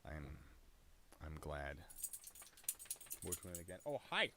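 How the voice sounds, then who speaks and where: A man's voice: sits low, big pitch swings, slow pace, sharp tone, a little hiss or hum. A man chatting casually on a live stream, rambling and cutting himself off mid-thought. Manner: rambling, self-interrupting, chatty.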